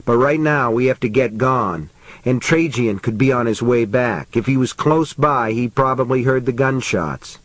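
A man voicing a tough, weary middle-aged lawman who talks gruff and blunt. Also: medium pitch, normal speed, no room sound, natural voice. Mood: commanding.

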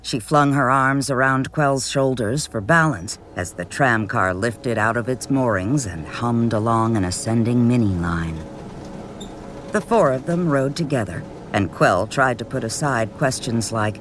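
A man reading a novel aloud in measured scripted narration, lifting his voice for quoted characters. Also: medium pitch, lively intonation, background noise. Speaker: audiobook narrator.

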